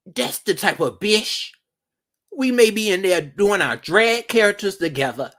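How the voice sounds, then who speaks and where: A man's voice: on the high side, animated, a bit bright. Sassy, dramatic man ranting to viewers. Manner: sassy and dramatic, drawn-out emphasis. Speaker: vlogger. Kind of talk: casual commentary to viewers.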